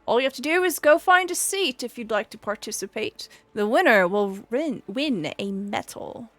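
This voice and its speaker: A woman voicing a warm, bustling orc woman who sells pies at a festival stall in a tabletop game. She greets people heartily and makes a sales pitch. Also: animated, normal speed, no echo. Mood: businesslike. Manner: hearty and welcoming.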